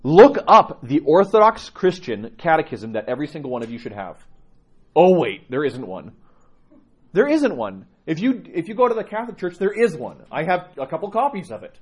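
A man's voice: a little high, brisk, slightly rough. A man who is a priest, giving a conversational teaching talk to his congregation and telling stories with laughs along the way. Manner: conversational, animated storyteller with laughs.

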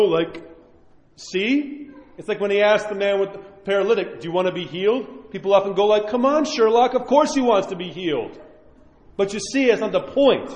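High-voiced male priest in an echoey hall. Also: darkish tone. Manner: conversational, emphatic, acts out quoted voices. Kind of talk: sermon. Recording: echoey hall, long reverb.

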